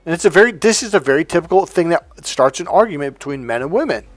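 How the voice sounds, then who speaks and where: A man's voice: a little high, expressive, quick pace, dry recording, faint music behind. A man coaching men on relationships in an emphatic, profane monologue, acting out both sides of arguments.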